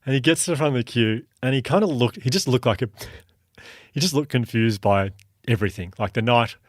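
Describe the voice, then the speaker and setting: A man's voice: medium pitch, a little fast, no echo, clean studio sound. A man with an Australian accent co-hosting a podcast, telling stories in a chatty way and laughing often. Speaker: podcast co-host. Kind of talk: casual podcast chat.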